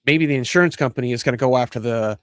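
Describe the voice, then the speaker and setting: A man's voice: medium pitch, very fast, smooth, dry recording, studio quality. Matter-of-fact man in casual talk. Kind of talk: casual podcast discussion.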